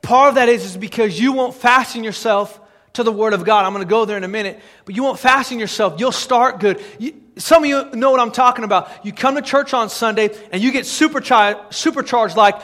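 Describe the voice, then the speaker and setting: A man preaching a sermon as pastor, building into impassioned, shouted exhortation. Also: extremely high pitch. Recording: long reverb of a large hall.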